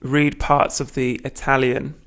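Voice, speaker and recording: A British man reading a manifesto aloud at a deliberate pace, breaking off for wry asides and small self-corrections. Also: mid-range voice, little pitch movement, fairly bright tone, clear, resonant tone. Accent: British English. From Britain. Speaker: reader of a manifesto.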